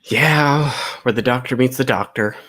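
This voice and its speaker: A man's voice: mid-range voice, moderate pace, fairly bright tone. A man co-hosting a casual movie chat, analytical and a bit rambling, often restarting his sentences. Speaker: podcast co-host.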